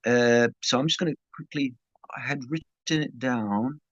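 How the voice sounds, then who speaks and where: A man's voice: mid-range voice, moderate pace, fairly bright tone, dry recording. A man answering questions in a casual religious teaching session, talking conversationally and often checking in with "right?". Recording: dull lo-fi dry sound.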